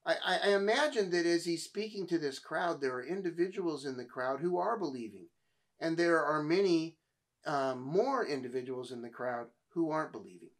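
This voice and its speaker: A pastor delivering a sermon, a man whose voice sits a bit higher than most. He reads passages aloud, then explains them in a loose, conversational way, often doubling words as he restarts. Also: animated, moderate pace. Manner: frequent repeated words and restarts.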